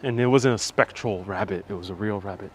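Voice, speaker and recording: This man speaks a bit low and fairly fast as he narrates a casual live stream. He's giving a walking tour outside on city streets, talking loosely and reacting to what viewers comment. The audio comes from a phone on a handheld gimbal, with a little background noise.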